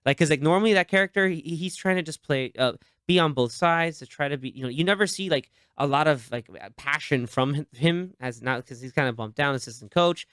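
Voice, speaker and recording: Animated podcast host, a bit high and smooth. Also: male voice, brisk, hardly any pauses, no echo, clean studio sound. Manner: animated, quotes film lines in put-on voices. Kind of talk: casual movie chat.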